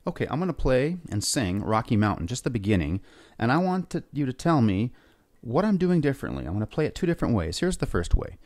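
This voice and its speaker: A man's voice: mid-range voice, big pitch swings, fast talker, a little mellow. A male music teacher leading a lesson for young kids, upbeat and coaxing them to repeat words and sing along. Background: faint guitar.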